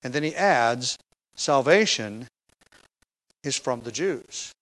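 A man's voice: mid-range voice, expressive, slow pace, a bit bright, poor audio. A man preaching an expository sermon, teaching from a passage with emphatic stress on key words and occasional fillers and restarts.

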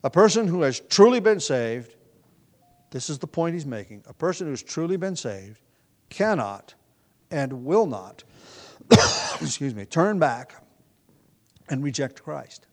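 A man's voice: on the high side, sing-song, a little slow, long pauses. A man with a nagging cough, preaching an earnest expository sermon, often restarting phrases with fillers. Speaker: pastor.

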